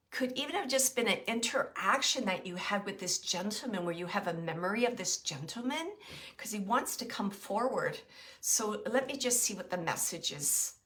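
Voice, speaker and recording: A psychic medium with a mid-range, sharp-toned voice gives a live reading for viewers, speaking expressively and without hurry. She hesitates and thinks aloud, using many fillers as she describes impressions as they come.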